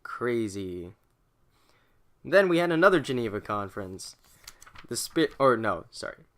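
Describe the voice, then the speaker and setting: His pitch swinging widely around a medium center, a bright-voiced young man unhurriedly recaps history chapters for class. He swears freely, voices quotes mockingly, and hesitates, restarting and using fillers.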